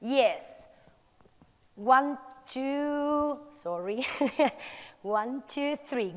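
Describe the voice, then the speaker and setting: A woman's voice: sits high, lively intonation, drawn-out words, fairly bright tone. A woman with an Italian accent leading an audience through a movement exercise at a conference, calling out commands energetically. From Italy. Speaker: conference speaker. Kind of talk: live workshop demonstration. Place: large conference hall. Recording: reverberant conference hall.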